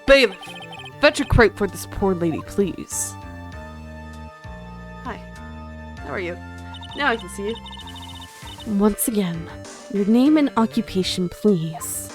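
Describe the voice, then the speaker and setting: A woman's voice: medium pitch, expressive, takes it slowly, long pauses. A woman voicing a fussy, polite older male judge who speaks formally, with game music behind.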